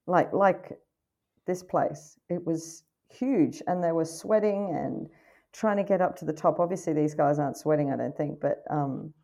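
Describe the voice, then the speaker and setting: A woman with a somewhat low voice chats about a show with lively, emphatic energy. She repeats herself to press a point and sounds fully caught up in it. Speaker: podcast co-host. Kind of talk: casual chat.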